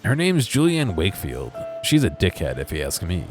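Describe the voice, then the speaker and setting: A man's voice: low voice, huge pitch swings, moderate pace, faint music behind. A man voicing a sour, spiteful old female trader in a video game, reading her lines in his own plain voice.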